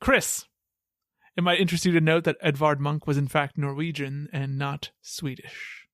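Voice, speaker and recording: A man's voice: a little high, level tone, moderate pace, a bit bright, no room sound, studio quality. A man hosting a podcast, joking and laughing as he recaps an episode. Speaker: podcast host. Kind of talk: casual podcast chat.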